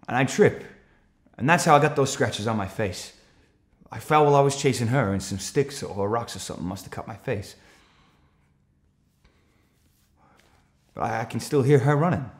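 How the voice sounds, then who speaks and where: A man's voice: medium pitch, animated, moderate pace, lightly acted. A man playing an anxious, defensive countryman. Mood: urgent. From Australia. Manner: earnest, rising to urgent shouts when retelling the chase. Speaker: actor performing a stage monologue. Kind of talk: theatrical monologue.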